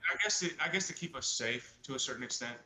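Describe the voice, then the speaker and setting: A man chatting hesitantly with many fillers, heard quietly off-mic. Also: mid-range voice, expressive, fast talker, reverberant, poor audio. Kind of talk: casual chat on a live stream.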